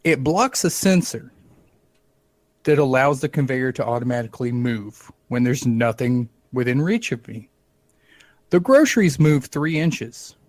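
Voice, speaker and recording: Wry, animated man telling a story. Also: mid-range voice, no echo. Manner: animated, wry, acts out dialogue. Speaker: podcast co-host. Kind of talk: casual comic storytelling.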